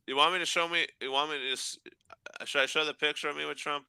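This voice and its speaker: Gravelly bright-voiced man joking around. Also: a little high, steady tone, quick pace, dry recording. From Ukraine. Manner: joking, crude, laughing often. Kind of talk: casual livestream chat.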